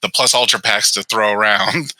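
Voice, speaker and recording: A man in casual chat as a guest tournament organizer, explaining at a measured pace with many fillers. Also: fairly low pitch, bright, forceful tone, no room sound, poor audio.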